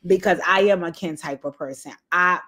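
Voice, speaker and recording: A woman's voice: on the low side, normal speed, bright, forceful tone. A woman giving casual, candid commentary on a reality show, emphatic and profane, often tagging "right?" onto her points. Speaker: reality TV recap host.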